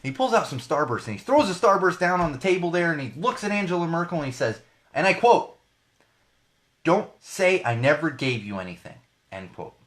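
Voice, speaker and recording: A podcast host rants about the news on a solo live stream from a small home studio, heated and profane, repeating phrases for emphasis. His voice is high and a bit bright, with big pitch swings, and he talks fast.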